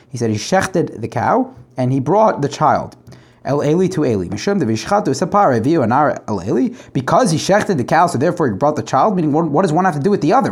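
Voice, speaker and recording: A man teaching a Talmud page aloud, translating line by line, asking rhetorical questions and restarting phrases. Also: a little high.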